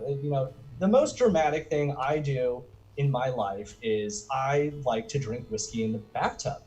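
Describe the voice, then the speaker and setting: A man's voice: mid-range voice, a little slow, rough recording. A man doing a rambling, self-deprecating stand-up set. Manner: rambling, self-deprecating delivery with lively swings. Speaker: stand-up comedian. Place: virtual comedy show inside a video game.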